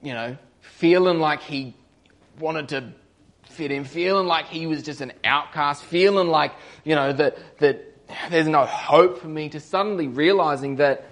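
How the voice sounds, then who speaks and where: A young man giving a casual sermon, telling a story and acting out the voices of its characters, rising to loud emphatic peaks. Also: a little high, measured pace. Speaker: preacher.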